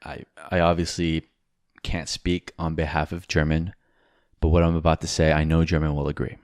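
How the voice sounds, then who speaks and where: A man's voice: rumbling low, level tone, normal speed, a little mellow, dry recording, clean studio sound. A man co-hosting a podcast, giving rambling, frank advice with casual swearing and jokes. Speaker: podcast co-host.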